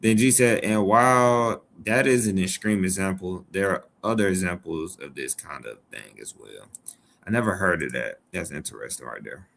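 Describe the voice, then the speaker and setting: Guy from georgia on a live stream, lowish voice, laid back and jokey, says things twice. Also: moderate pace, vocal fry, fairly bright tone, a little hiss or hum. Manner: playful, repeats phrases, reads chat aloud. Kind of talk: casual live stream commentary.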